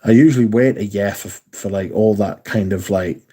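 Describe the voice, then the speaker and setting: Male streamer, sore throat, husky and mellow, loose chatty swearing. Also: lowish voice, normal speed. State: lost his voice, sore throat. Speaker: livestream host. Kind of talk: casual chat to viewers.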